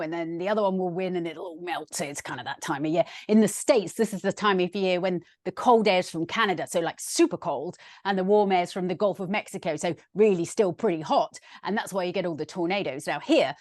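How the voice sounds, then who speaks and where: A woman's voice: fairly low pitch, a little fast, hardly any pauses, no echo, clean studio sound. A middle-aged woman co-hosting a weather podcast, explaining in a chatty way and laughing readily. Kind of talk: casual chat.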